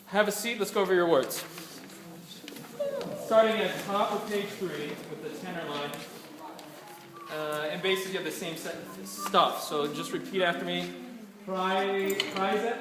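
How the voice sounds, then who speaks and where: High-voiced man leading a choir rehearsal. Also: normal speed, pauses often, background noise. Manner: patient, models words for the choir to repeat. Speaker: choir director. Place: rehearsal room. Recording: echoey room from a distance with music.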